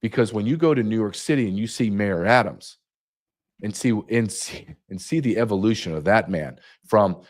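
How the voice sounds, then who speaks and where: A man's voice: lowish voice, normal speed. A man speaking as a guest, emphatic and repeating key numbers for effect. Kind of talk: emphatic interview talk.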